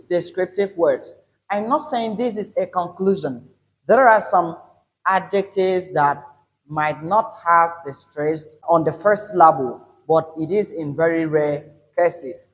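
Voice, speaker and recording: A man with a fairly high voice leads a pronunciation lesson at an unhurried pace. He explains step by step, restates each point and hits the example words loudly. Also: low-quality recording. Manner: explains slowly and repeats points. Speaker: English teacher.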